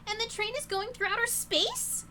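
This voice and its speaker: A woman voicing an excitable teenage schoolgirl while reading a visual novel aloud, bubbly and prone to flustered outbursts. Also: sits high, unhurried, slight background noise, voice pushed up, full character voice. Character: excitable cheerful teenage girl student.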